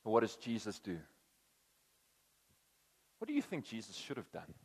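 A man's voice: fairly low pitch, huge pitch swings, moderate pace, creaky, breathy edge, big-room sound. A man preaching a conversational sermon, acting out quoted voices as he tells the story. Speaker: pastor.

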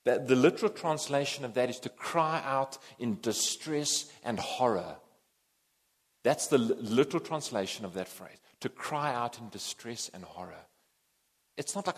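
Husky preacher, animated. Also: male voice, mid-range voice, moderate pace. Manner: animated, emphatic, swings between loud and soft. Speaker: pastor. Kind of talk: sermon.

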